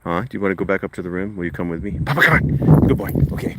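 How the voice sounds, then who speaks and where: Out of breath while walking uphill, a man live-streams a walk with his dog at a reservoir, coaxing the dog and chatting casually with viewers. His low voice comes out rapid-fire with fairly even intonation. Loud outdoor noise fills the recording.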